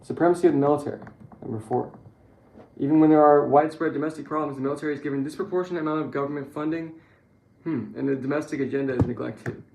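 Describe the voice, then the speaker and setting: Gravelly man ranting casually, echoey room. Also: fairly high pitch, steady tone, fast talker, warm tone, slight background noise. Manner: rambling, profane, self-correcting. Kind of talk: casual political monologue. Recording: echoey room with faint ambience.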